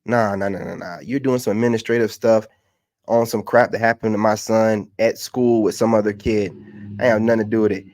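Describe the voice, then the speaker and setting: A man's voice: fairly low pitch, steady tone, fairly quick, a little mellow, no echo, studio quality. A man, a content creator venting in a heated, mocking rant. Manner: exasperated, ranting, mocking.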